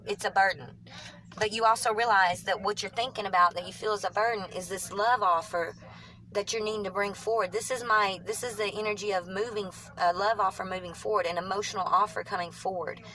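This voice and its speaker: A woman with a Southern US country twang, reading tarot cards for viewers in a fast, rambling way, often correcting herself mid-sentence. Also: medium pitch, steady tone, pushed and bright, poor audio. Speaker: tarot reader.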